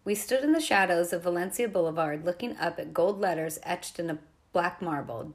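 Woman audiobook narrator, lower voice, clear expressive first-person storytelling. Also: moderate pace. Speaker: audiobook reader.

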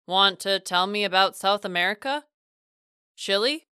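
An uneasy young boyfriend in an audiobook, as a woman narrator puts him on, trying hard to sound easy. The voice is bright and crisp, dry and close. He speaks a touch lower and quieter than the narration around him. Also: a little slow, no room sound. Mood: tense. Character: uneasy young adult boyfriend, strained and eager.

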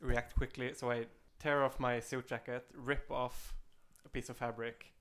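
A man at a tabletop game describes what his character does, hesitant and full of fillers. His pitch is average for a man. His delivery is casual. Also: flat delivery, unhurried, fairly bright tone, smooth. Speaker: player.

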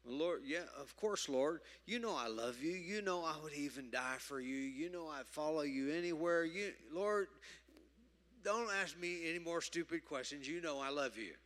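A man's voice: on the high side, normal speed, fairly bright tone, close to an everyday voice. A man preaching a sermon, acting out an earnest fisherman disciple who pleads and grows a little exasperated. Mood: protesting. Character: eager adult male fisherman disciple, protesting his love. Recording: reverberant hall.

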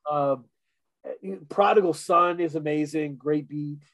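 An eager man chatting on a podcast, his voice sitting a touch high. He trips over his words and restarts often, and the sound is dry with no room around it. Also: takes it slowly, fairly bright tone, dry recording. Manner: enthusiastic, lots of fillers and restarts. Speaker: podcast co-host reviewing an album. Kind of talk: casual chat.

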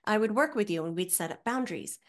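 A woman guest on a podcast, a psychic medium, chatting casually in an animated, teaching way. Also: mid-range voice, fast. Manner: animated, teaching tone, acts out quoted voices.

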